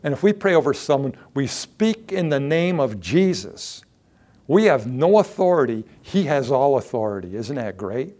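A man preaches as a pastor in a mid-range, very animated voice at a moderate pace. Earnest and emphatic, he goes soft for asides and loud for declarations, often saying words twice for emphasis.

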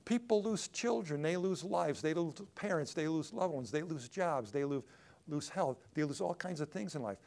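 A man preaching a sermon in a church, swinging between loud emphatic lines and hushed ones. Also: a little high, expressive, normal speed, creaky. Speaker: pastor.

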